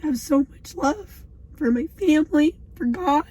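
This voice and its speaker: A woman in her twenties talking in a personal video diary, halting and emotional, with many pauses. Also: sits high, mellow, rough recording. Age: 20s. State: shaky. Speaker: vlogger.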